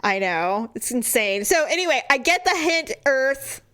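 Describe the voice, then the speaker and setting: An expressive woman co-hosting a chatty podcast, quick to react and laugh. Her voice sits somewhat high and moves a lot in pitch. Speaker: podcast co-host. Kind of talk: casual chat.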